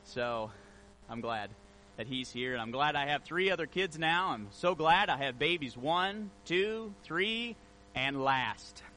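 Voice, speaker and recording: A male pastor with a high, very bright voice tells a story and reads scripture in an easy, conversational way. A faint hum sits behind his voice. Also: measured pace, rough recording. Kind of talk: sermon.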